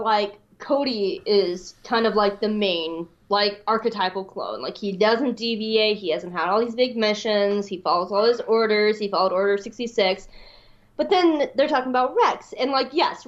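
Brief: casual woman host, mid-pitched, filler-heavy chat, lo-fi sound. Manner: chatty, filler-heavy, reads quotes aloud. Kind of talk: casual commentary.

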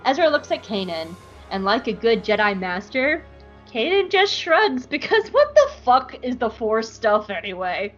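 A woman podcast host giving a lively, irreverent, casually profane recap of an episode. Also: medium pitch, normal speed, dull audio, soft background music.

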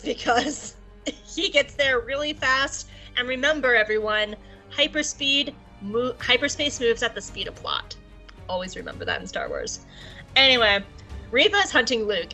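A woman's voice: a little high, very animated, moderate pace, sharp tone, soft background music, low-quality recording. A woman co-hosting a podcast, recapping an episode in a chatty, jokey way. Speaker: podcast co-host.

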